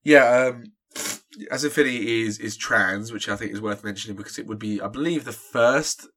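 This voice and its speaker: A man's voice: fairly low pitch, moderate pace, a bit bright, breathy edge. A man co-hosting a podcast, telling a rambling story in casual chat full of "like". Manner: rambling storyteller, many "like" fillers. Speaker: podcast co-host.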